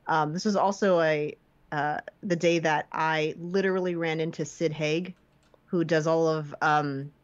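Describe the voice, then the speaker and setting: A woman guest on a casual podcast, telling an animated story and acting out the quotes. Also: a little slow. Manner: animated storyteller, acts out quotes with high pitch jumps. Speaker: guest filmmaker. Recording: slightly dull lo-fi podcast audio.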